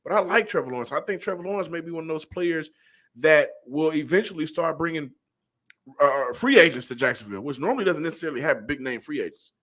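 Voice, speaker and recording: A man co-hosts a casual sports podcast. He trips over his words and stammers through his picks. His voice sits a touch higher than usual. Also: expressive, quick pace, fairly bright tone. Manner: hesitant, stammering restarts. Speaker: podcast co-host.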